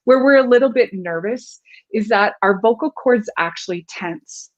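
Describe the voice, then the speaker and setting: A woman's voice: fairly high pitch, moderate pace, lo-fi sound. A woman guest explaining communication and vocal delivery in an interview, demonstrating her points with her own voice. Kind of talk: instructive interview talk.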